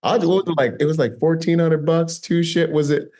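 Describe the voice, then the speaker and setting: A man's voice: fairly high pitch, fairly even intonation, fairly quick, warm tone. Laid-back, slangy male podcast host. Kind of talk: casual chat.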